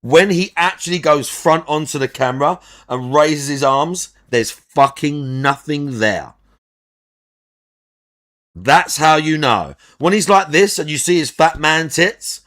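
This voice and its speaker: A man's voice: on the high side, takes it slowly, fairly bright tone. A man giving reaction commentary, critically explaining arm muscles in a rambling way. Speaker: reaction host.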